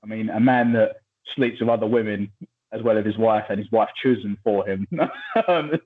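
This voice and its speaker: A man chats casually as a podcast co-host, lively and full of quick asides. His voice is husky and a little breathy. It comes through a thin, tinny line, as if over a phone. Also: fairly low pitch. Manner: chatty, animated, quick asides. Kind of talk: casual chat.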